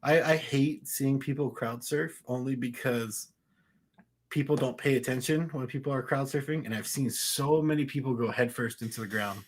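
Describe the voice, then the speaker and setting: A man co-hosting a casual podcast, telling stories in an animated way, acting out what people said and laughing often. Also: mid-range voice, normal speed. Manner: animated storyteller, laughs often, acts out quotes. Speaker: podcast co-host. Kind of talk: casual chat.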